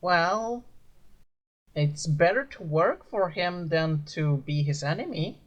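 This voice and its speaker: A man's voice: a little high, expressive, takes it slowly, dull audio. A man voicing a nervous young man who looks after his sister's ship, hesitant and stammering. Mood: wary.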